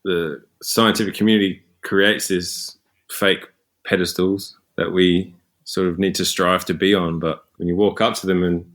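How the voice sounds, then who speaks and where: A man's voice: low voice, little pitch movement, normal speed, a bit bright. A man who is a scientist and podcast guest, talking in a laid-back, reflective way and chuckling now and then. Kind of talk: casual interview conversation.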